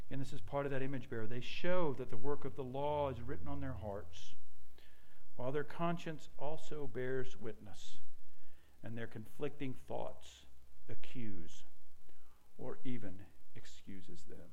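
A man's voice: moderate pace, a little mellow, rough recording. A middle-aged male pastor preaching a sermon in a conversational way, mixing scripture with funny personal stories. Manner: conversational preaching with humorous personal stories, pitch rising and falling widely.

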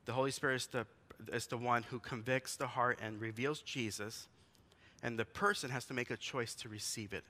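A man's voice: mid-range voice, fairly even intonation, moderate pace, pushed and bright. A man in his forties, a pastor giving a conversational sermon in a church, telling stories and asking the congregation questions. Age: 40s.

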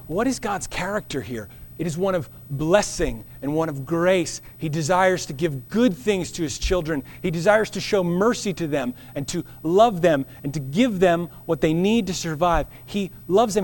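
A man preaching a sermon to a congregation, earnest and measured, with dramatic pauses that slow down key words. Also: fairly high pitch, lively intonation. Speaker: pastor.

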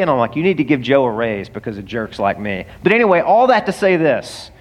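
A male pastor telling a personal story in a sermon, acting out both sides of a phone call in an animated way. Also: on the high side, fast. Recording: long hall reverb.

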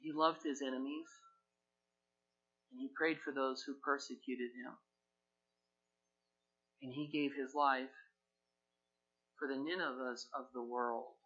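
A man preaching a sermon, reading scripture aloud with emphasis and retelling the story in lively paraphrase. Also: medium pitch, slow pace, long pauses, slightly rough. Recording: dull lo-fi recording.

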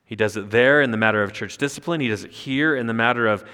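A man's voice: mid-range voice, quick pace, sharp tone, clear, resonant tone. A man preaching an expository sermon as a pastor, explaining a passage and rising sharply when he quotes scripture. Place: church sanctuary. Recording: long hall reverb.

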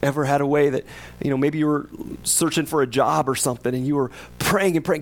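Speaking fairly quickly in a steady tone, a male pastor whose voice sits a little high for a man gives a conversational sermon. He often poses questions to the congregation and voices the psalmist with growing intensity.

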